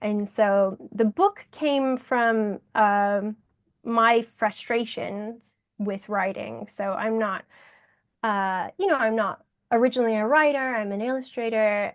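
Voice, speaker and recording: A woman of thirty being interviewed as an author-illustrator, chatty with many fillers and laughs. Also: medium pitch. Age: 30s. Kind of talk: casual interview conversation.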